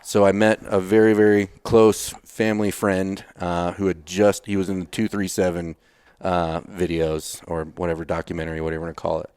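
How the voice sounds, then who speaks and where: A man's voice: deep voice, flat delivery, brisk, a little mellow, smooth, no room sound. A man from Texas, a retired Navy SEAL, telling blunt, casual stories as a podcast guest. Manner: blunt, swears casually, acts out his own past lines. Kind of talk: casual storytelling interview.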